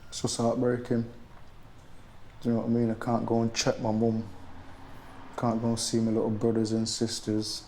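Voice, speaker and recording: Brief: man, monotone and dark-toned, resigned documentary interviewee. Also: mid-range voice, moderate pace, pauses often, a little hiss or hum. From Manchester, England.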